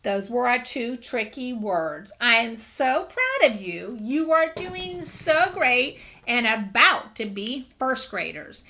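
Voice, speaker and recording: Slow, bright-voiced teacher woman. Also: on the high side, big pitch swings. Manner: patient, encouraging, sounds out letters slowly. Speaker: kindergarten teacher. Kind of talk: remote phonics lesson for young children. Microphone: computer webcam.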